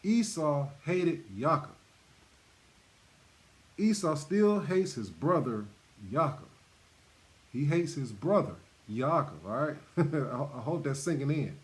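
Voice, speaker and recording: A man's voice: fairly high pitch, sing-song, slow, long pauses. A man teaching scripture in a sermon style, repeating points emphatically and laughing between them. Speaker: bible teacher. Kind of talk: sermon-style bible study.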